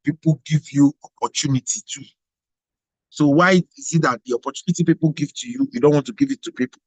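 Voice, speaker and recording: A man's voice: a little high, fast, dry recording, rough recording. Male leader, preachy and repetitive, dry close recording. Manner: emphatic, repetitive, rhetorical questions. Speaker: global president of organization. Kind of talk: motivational address.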